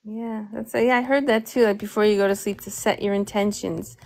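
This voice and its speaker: Relaxed, agreeable female co-host. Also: medium pitch, brisk, vocal fry. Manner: relaxed, agreeable, shares things she heard. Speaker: co-host guest. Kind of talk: casual livestream chat.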